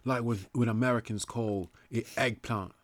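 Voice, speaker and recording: A man's voice: medium pitch, steady tone, moderate pace, no room sound. A man co-hosting a podcast, joking around in casual chat. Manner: jokey, playful. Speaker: podcast co-host.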